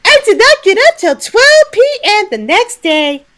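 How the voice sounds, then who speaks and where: A woman from Texas tells an animated story in a casual livestream chat and laughs often. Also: very high voice, unhurried, slight background noise. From Southern Texas. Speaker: guest.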